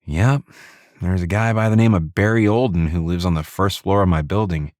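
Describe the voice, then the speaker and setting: A man's voice: deep voice, moderate pace, darkish tone, dry recording, clean studio sound, voice pushed up, close to an everyday voice. A male narrator voicing a tough, blunt female ex-Army soldier, wry and direct.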